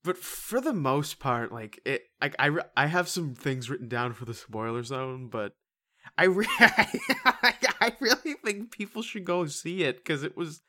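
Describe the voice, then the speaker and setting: A podcast co-host reviewing a horror movie in casual chat, animated, swearing and laughing often, with many fillers. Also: medium pitch, unhurried.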